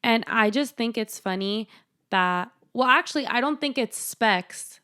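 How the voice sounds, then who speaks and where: A woman's voice: on the high side, measured pace, clear, resonant tone. A young woman co-hosting a podcast, casually recapping a horror film and acting out the characters' lines. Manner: animated retelling with acted-out quotes. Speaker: podcast co-host. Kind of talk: casual movie recap chat.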